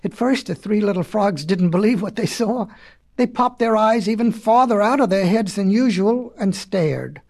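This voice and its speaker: A storyteller reading a fable aloud to children in a dramatic, expressive way with playful asides. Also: mid-range voice, normal speed.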